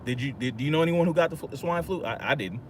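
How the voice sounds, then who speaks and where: A man's voice: fairly high pitch, animated, fast, slight background noise. A man hosting a podcast in an agitated, profane, rambling monologue. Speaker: podcast host. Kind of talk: ranting monologue.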